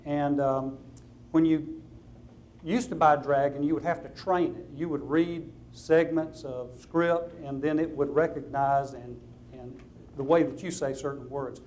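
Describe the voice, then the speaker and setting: A man's voice: a little high, steady tone, a little slow, a little mellow. Southern male attorney presenting at a seminar; easygoing, practical, light faint hiss. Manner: conversational, practical, with light anecdotes. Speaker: attorney giving a seminar talk. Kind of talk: conference presentation to lawyers.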